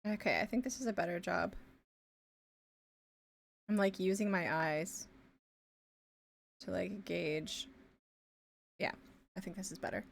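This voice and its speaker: A woman from Ontario, chatting casually as a live streamer while she draws. She thinks aloud with many fillers and often trails off into quiet mumbles. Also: fairly low pitch, unhurried, gravelly, pauses often. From Canada, Ontario. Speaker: live streamer and pixel artist. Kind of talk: casual chat while drawing.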